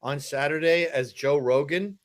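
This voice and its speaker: A man on a casual reaction panel, talking in an animated way and often mimicking people. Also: fairly high pitch, normal speed, a loud crowd.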